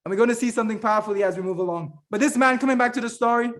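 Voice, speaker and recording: A man's voice: very high-pitched, very fast, a bit bright. A man giving a fervent, preaching-style health talk as an evangelist and remedies trainer, rambling with restarts and often calling the listeners friends. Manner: rambling with frequent restarts and fillers.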